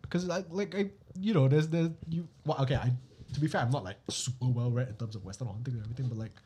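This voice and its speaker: A man hosting a casual podcast chat, animated and quick to mimic voices. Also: mid-range voice, a little hiss or hum. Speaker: podcast host.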